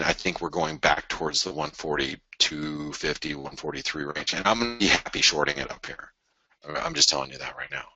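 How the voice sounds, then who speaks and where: A man hosting a live forex show, walking through price charts in an animated, restless way, often restarting sentences and arguing with imagined viewers. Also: a bass voice, no echo, rough recording. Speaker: forex market show host. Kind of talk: live trading chart analysis.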